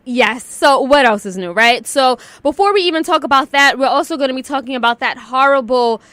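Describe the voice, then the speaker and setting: Woman radio host, high voice, bright tone, dry studio sound, chatty and earnest. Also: brisk, no room sound. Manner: chatty, laughs easily, earnest on serious news. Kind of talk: casual radio talk.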